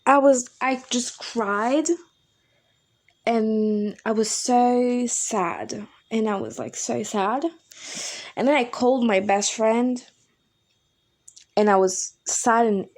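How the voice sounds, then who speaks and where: A woman's voice: a little high, unhurried, long pauses, a little mellow. A young woman hosting a podcast, telling a personal breakup story in a candid, exasperated way and swearing freely. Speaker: podcast host.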